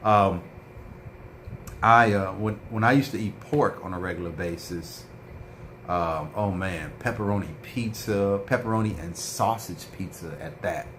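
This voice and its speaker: A man's voice: low-pitched, measured pace, a bit bright, a little hiss or hum. A man vlogging in a casual chat, telling a rambling story with lots of fillers and reading out viewer comments.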